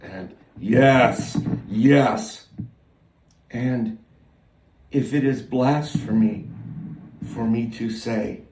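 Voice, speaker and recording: A man preaching a loose, rambling sermon, moving between quiet, halting prayer and loud, excited retelling. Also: medium pitch, echoey room, distant mic, a little hiss or hum, low-quality recording.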